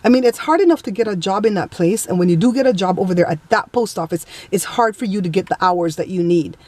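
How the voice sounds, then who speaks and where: Brief: woman vlogger, animated and indignant, blunt delivery, mid pitch. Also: quick pace, dry recording. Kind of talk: casual storytelling.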